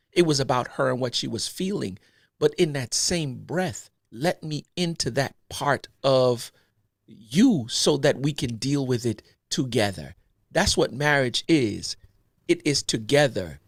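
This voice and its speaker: A man's voice: mid-range voice, dry recording, studio quality. A man co-hosting a podcast, telling a personal story in casual chat with easy slang and an earnest tone. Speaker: podcast co-host.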